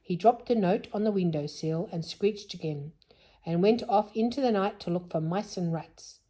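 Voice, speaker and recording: A woman's voice: medium pitch, moderate pace, dark tone. A woman reading a children's storybook aloud, stopping now and then to explain things to a young listener in a whisper. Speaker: storybook reader.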